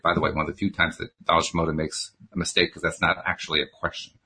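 Man reading a novel aloud, husky, low-pitched, lively intonation, chatty asides. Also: fast, few pauses. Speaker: reader.

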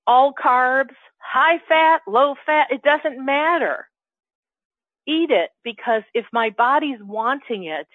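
A woman shares a personal story in relaxed spiritual conversation, slipping into her own remembered inner dialogue as she goes. Her voice sits fairly high and comes through a thin, phone-like line. The sound is close and dry. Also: no room sound. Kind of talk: casual spiritual chat.

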